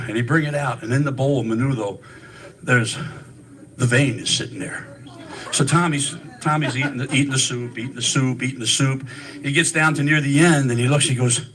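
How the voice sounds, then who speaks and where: A man's voice: medium pitch, fairly bright tone, low-quality recording. A man telling a rambling, swearing story at a live roast, repeating his words as he goes.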